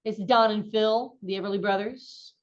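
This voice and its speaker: A woman's voice: medium pitch, fairly even intonation, moderate pace. A middle-aged woman giving a conversational lecture as an instructor, casual and chatty with frequent ums and restarts. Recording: dull lo-fi recording.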